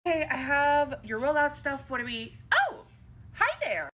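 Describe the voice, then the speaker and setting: A woman's voice: high voice, sing-song, a little slow, bright, forceful tone, a little hiss or hum, voice pushed up, heavily acted. A woman doing a sugary, fake-sweet district manager. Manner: saccharine, then snippy. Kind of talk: comedy skit role-play.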